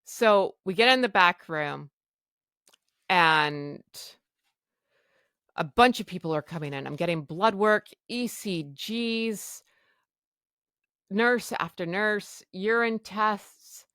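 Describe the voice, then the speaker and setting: A woman's voice: medium pitch, takes it slowly, pauses often, fairly bright tone, clean tone, no room sound, clean studio sound. A woman podcast host candidly telling a personal story in a blunt, self-mocking way.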